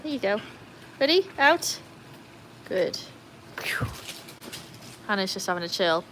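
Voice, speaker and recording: British woman, casual livestream host, chatty, laughs a lot, outdoors, faint background noise. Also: normal speed. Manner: chatty, laughing often, coos at dogs in a high voice. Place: outdoors by a backyard pool.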